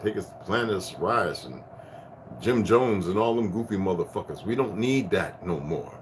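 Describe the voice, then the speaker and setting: A man in his fifties giving a rambling spiritual rant to his viewers, profane and preachy, swinging from loud bursts down to hushed tones. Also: deep voice, animated, normal speed, a little hiss or hum. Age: 50s. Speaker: vlogger.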